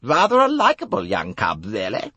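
A man voicing a cool, brisk older British officer who questions coldly. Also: on the low side, wildly swooping pitch, sharp tone, breathy edge, no echo, pitched above the performer's own voice, heavily acted.

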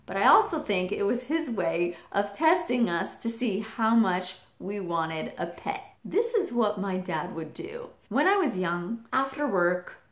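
Animated woman telling a childhood story. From England. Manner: animated, jumps high when quoting her child self. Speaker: vlogger. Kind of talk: personal storytelling. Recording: roomy echo.

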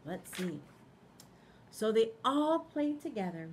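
A woman principal reading a picture book aloud to children in a school library, expressive, pausing to ask them questions. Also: a little high, slight background noise.

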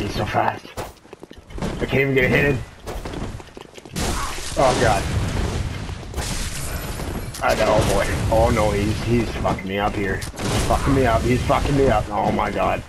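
A man giving profane, frustrated gameplay commentary while he plays. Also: on the low side. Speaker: gamer. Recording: clear background noise.

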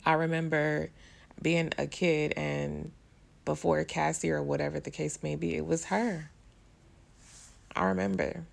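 A woman's voice: sits low, little pitch movement, measured pace, creaky. A young adult woman chatting casually about celebrity gossip in a slangy, emotional vlog style. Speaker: vlogger.

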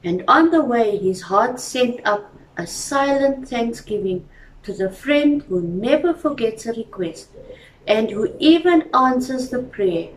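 A woman reading a children's story aloud in church and speaking gently to the children. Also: on the high side, animated, measured pace, reverberant, distant mic, slight background noise, poor audio. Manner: gentle, addresses children directly.

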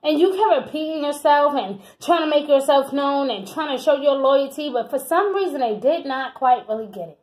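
High-voiced chatty woman tarot reader. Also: normal speed, hardly any pauses, low-quality recording. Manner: animated, chatty, swears casually, calls the listener honey and baby. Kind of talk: casual tarot reading monologue.

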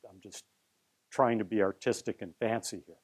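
A middle-aged chemistry professor teaches a live class in a playful, theatrical way, coaxing students up to the board to help him. His voice is lowish and husky, at a moderate pace.

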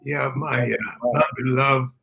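An older man giving his son a birthday blessing in a halting, church-style speech that quotes scripture. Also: mid-range voice, level tone, vocal fry, sharp tone, soft background music. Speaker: father giving a birthday tribute.

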